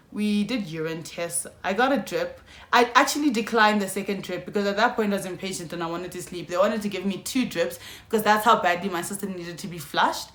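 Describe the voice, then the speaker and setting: A young South African woman telling a storytime vlog, animated and slangy, often calling out to her viewers. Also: mid-range voice. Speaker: YouTuber. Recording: echoey room.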